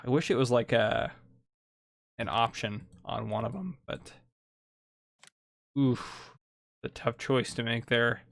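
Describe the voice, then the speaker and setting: A man's voice: medium pitch, steady tone, slow, gravelly, pauses often, no echo. A man casually commentating a farming game and telling police stories, chatty and laughing often. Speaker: gameplay host and police officer.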